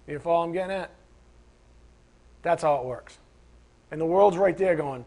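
A man's voice: a little high, normal speed, long pauses. A man preaching a sermon in a conversational, emphatic way, acting out imagined voices of his listeners.

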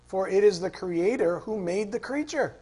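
A man teaching a Bible study class. He asks the class questions, reads verses slowly and repeats the key lines. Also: high voice, lively intonation, mellow, breathy edge. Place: classroom with a board.

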